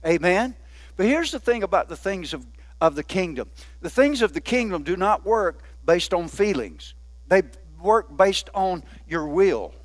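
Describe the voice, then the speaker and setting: A man preaching a sermon, often asking the congregation "Amen?" and slowing down to stress key words. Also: sits high, sing-song, no room sound. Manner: call-and-response preaching with frequent "Amen?". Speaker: pastor.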